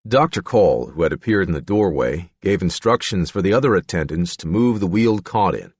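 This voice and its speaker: A man narrating a true-crime audiobook in a measured storytelling manner. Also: sits low, animated, darkish tone, husky, no room sound. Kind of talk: scripted narration.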